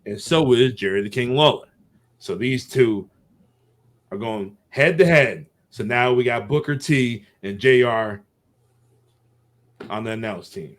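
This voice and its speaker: A man's voice: medium pitch, fairly bright tone. A man hosting a podcast, loosely recapping a wrestling show with a chuckle here and there. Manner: rambling play-by-play recap, chuckling. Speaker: podcast host. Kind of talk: casual podcast chat.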